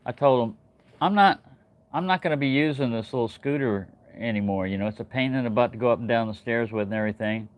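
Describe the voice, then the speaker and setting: Talking fast with few pauses, this medium-pitched man runs a casual livestream from his Texas home. Originally from New Mexico, the channel host meanders through a lengthy story, stumbling over fillers and starting over again and again.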